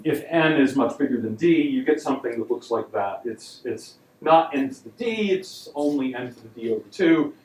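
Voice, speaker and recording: A man giving a university lecture in a casual, wry way, with frequent ums and words he leans on. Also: medium pitch. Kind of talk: classroom lecture. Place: lecture hall. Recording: echoey lecture hall, voice from a distance.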